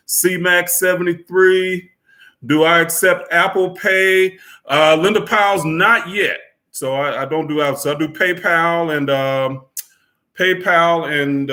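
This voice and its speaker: A man's voice: a little high, fairly bright tone. A man, chatting casually with his viewers as a live-stream host in a laid-back, talkative way and laughing often. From United States. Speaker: livestream host greeting viewers.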